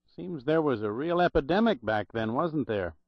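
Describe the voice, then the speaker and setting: A man's voice: a little high, expressive, moderate pace, dry recording, voice pushed up. A man voicing a slangy, jaunty young records clerk in an audiobook, on a dull, dry recording. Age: young adult.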